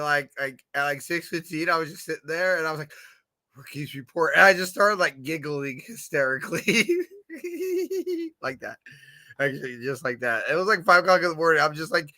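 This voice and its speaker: A man hosts a fan podcast in a casual livestream chat, excitable and giggly with lots of slang, his voice a little high. He's on a computer camera mic with no echo.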